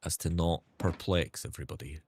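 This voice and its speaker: A young streamer from Scotland with a toned-down accent chats casually while gaming, thanking viewers and swearing now and then. His voice is low, darkish, and fairly even, moving fairly quickly, with slight background noise.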